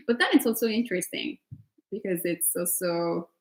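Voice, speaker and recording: Italian woman teacher, gravelly voice, chatty and laughing, roomy echo on the recording. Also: on the low side, measured pace. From Italy. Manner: chatty, laughs often, many fillers. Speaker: meditation teacher answering questions. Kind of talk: casual Q&A at an online retreat.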